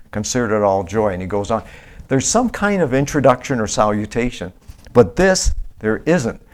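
A man giving a conversational Bible-teaching sermon in church, with many restarts and fillers. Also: mid-range voice. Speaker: preacher.

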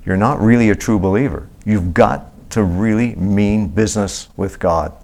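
A man's voice: fairly low pitch, normal speed, darkish tone. Conversational man preaching. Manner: conversational, with many restarts and filler. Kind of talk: church sermon, Bible teaching.

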